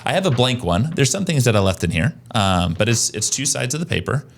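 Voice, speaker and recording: A man hosting a casual podcast chat, energetic and conversational, often restarting his sentences. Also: mid-range voice, fairly quick, gravelly. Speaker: podcast host, agency owner.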